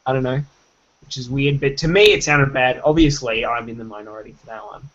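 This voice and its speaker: A man co-hosting a casual film chat, blunt and opinionated, with quick asides. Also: mid-range voice, a bit bright. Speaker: podcast co-host. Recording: dull lo-fi recording.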